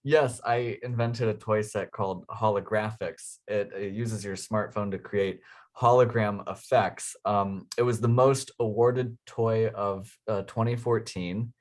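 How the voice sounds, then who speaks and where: A man's voice: lowish voice, steady tone, measured pace. A man being interviewed about his inventions, telling stories enthusiastically, laughing often, with many ums and uhs. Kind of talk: casual storytelling.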